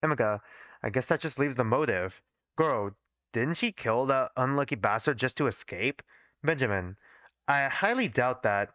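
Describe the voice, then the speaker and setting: A man on a live stream reading his old fan fiction aloud, pausing to criticize his own writing and swearing casually. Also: medium pitch, lively intonation, sharp tone, no room sound, dull audio. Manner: self-critical, swears casually, reads every part himself.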